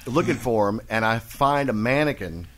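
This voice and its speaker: Male podcast host, mid-pitched, loose and rambling storyteller who often restarts his sentences. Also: lively intonation, moderate pace, fairly bright tone. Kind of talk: casual storytelling chat.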